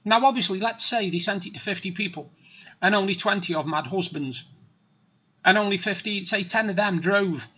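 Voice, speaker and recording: A man's voice: sits high, fairly quick, pushed and bright, breathy edge, lo-fi sound. A middle-aged man telling stories in a plain-spoken, rambling, blunt way. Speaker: vlogger. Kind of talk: casual storytelling monologue.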